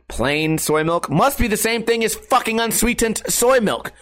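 A man in his thirties with a fairly high voice rambles through a casual vlog. He swears freely, laughs at himself a lot and keeps up a crude, self-mocking streak. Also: normal speed, few pauses, a bit bright. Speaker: vlogger.

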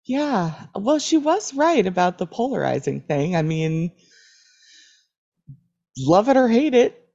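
Gravelly, lively woman podcast host. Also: mid-range voice, takes it slowly, pauses often, lo-fi sound. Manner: easygoing, laughs often. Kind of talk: casual chat.

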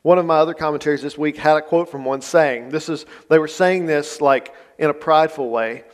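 A man's voice: a little high, brisk, few pauses. A male pastor, preaching a sermon in a conversational, folksy manner. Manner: conversational, plain-spoken, folksy asides. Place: church sanctuary. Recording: long church reverb.

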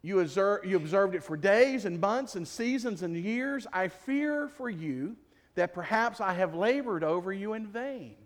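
A man's voice: high-pitched, animated, unhurried. A man preaching a sermon as pastor, in a conversational, jokey way full of rhetorical questions. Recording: long reverb of a large hall.

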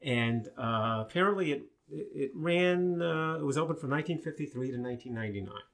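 Older man telling animated stories. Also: a little high, brisk, creaky. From Long Island, New York. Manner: animated storyteller with many fillers. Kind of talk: casual chat, storytelling.

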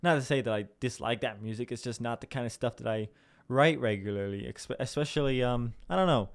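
In a brisk, mid-range voice, a young Southern Illinois podcast host rambles through a chatty monologue. He's self-deprecating, swears freely, and fills his talk with fillers.

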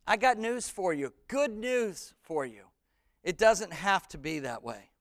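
A man preaching as senior pastor, earnest, dropping to a hush for scripture and climbing loud when stirred. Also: high voice, expressive, a little slow, no room sound, studio quality. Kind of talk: sermon.

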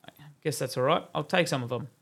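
Aussie bloke putting on a chatty priest for a joke, slightly higher, bit gravelly. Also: male voice, fast talker, a bit bright. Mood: earnest. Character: middle-aged male priest in a joke.

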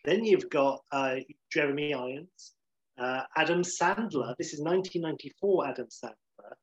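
Enthusiastic man on a dull-sounding mic. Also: fairly high pitch. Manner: enthusiastic, swears, quick asides. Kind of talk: casual chat.

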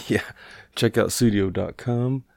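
Low, dark-voiced profane podcast host. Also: male voice, takes it slowly, gravelly, no room sound. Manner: profane, rambling, self-mocking. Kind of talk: casual podcast chat.

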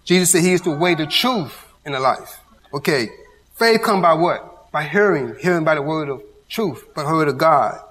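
A man's voice: on the high side, expressive, normal speed, fairly bright tone. Man teaching Bible in a reverberant hall. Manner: call-and-response questions to the audience. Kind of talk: interactive church teaching. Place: church hall with audience.

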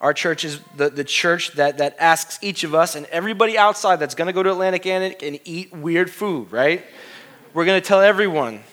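Impassioned preaching man, higher voice. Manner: impassioned, swings from hushed to loud exclaiming. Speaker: pastor. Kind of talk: sermon.

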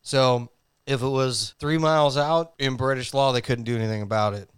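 A man's voice: medium pitch, fairly even intonation, moderate pace, clear, resonant tone, no room sound, clean studio sound. A man co-hosting a casual podcast, telling a history story in a jokey way and laughing often. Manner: jokey, laughs often, reads facts loosely.

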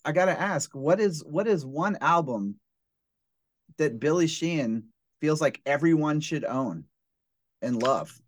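A man's voice: fairly high pitch, animated, a little slow, dry recording. A man hosting a casual interview who asks questions eagerly and answers the guest with short interjections. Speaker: interviewer host.

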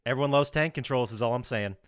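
A man hosting a casual podcast chat, leading the segments and reading out trivia in an animated way. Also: medium pitch, fast, smooth, no room sound, studio quality. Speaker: podcast host.

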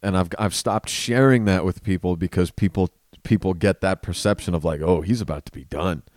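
A man, a comedian guest on a podcast, telling stories in casual chat with lively swearing. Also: sits low, brisk, no echo, studio quality. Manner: animated storyteller, swears freely.

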